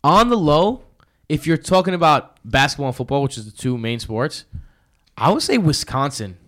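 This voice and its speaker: A man's voice: on the high side, sing-song, normal speed, a bit bright. A man co-hosting a casual sports podcast, rambling and tripping over his words as he argues his picks. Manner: rambling, stumbles and repeats himself. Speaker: podcast co-host.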